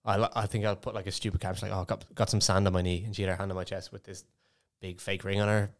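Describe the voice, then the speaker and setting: Low-voiced Irish man, casual podcast chat. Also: level tone, fast talker. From Ireland. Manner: laughing, swearing, storytelling. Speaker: podcast co-host.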